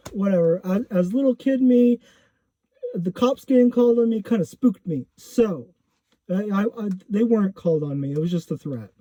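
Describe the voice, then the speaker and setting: A man's voice: sits high, animated, normal speed, warm tone, dry recording. A man casually telling a personal story, rambling with lots of fillers and self-corrections. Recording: dull lo-fi recording.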